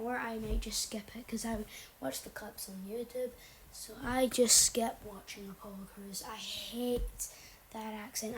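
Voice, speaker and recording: A woman's voice: on the high side, a little hiss or hum, rough recording. Young woman whispering wrestling picks. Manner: often drops to a whisper, rambling and blunt. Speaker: wrestling predictions vlogger. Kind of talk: casual chat.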